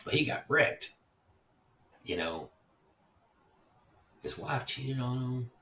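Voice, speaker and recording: A man's voice: mid-range voice, lively intonation, slow pace, sharp tone, reverberant, far from the mic. A man casually telling a story in a profane, rambling, reflective way, acting out the dialogue. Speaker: podcast host. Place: echoey house.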